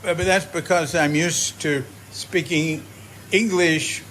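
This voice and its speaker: A man's voice: on the high side, fairly even intonation, slow pace, fairly bright tone, a little hiss or hum, poor audio. Chatty older man with an iPhone. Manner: chatty, encouraging, many fillers. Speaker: host. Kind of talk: casual interview. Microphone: iPhone held by speaker.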